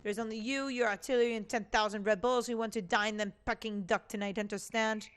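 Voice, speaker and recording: A woman voicing a scheming, nihilistic male friar villain in a game, smooth and persuasive. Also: a little high, steady tone, a little fast, lightly acted. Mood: sinister.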